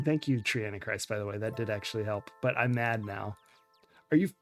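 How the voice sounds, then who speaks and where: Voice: medium pitch, brisk, soft background music. A streamer giving live commentary on a game, ranting in annoyance and laughing at the puzzles. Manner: exasperated, laughing rants.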